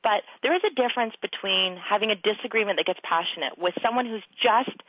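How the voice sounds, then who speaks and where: A woman's voice: mid-range voice, fast talker, dry recording. A woman hosting a call-in radio show, telling a candid family story with lots of laughter and acted-out quotes. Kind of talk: casual call-in radio chat. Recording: tinny phone-line sound, dry.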